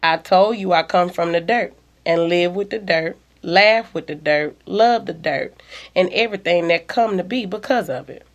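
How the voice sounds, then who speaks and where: A woman's voice: lowish voice, lo-fi sound, natural voice. A woman voicing a cocky, folksy man who drawls and teases in an audiobook story. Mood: teasing. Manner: folksy, teasing, unhurried. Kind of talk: audiobook dialogue.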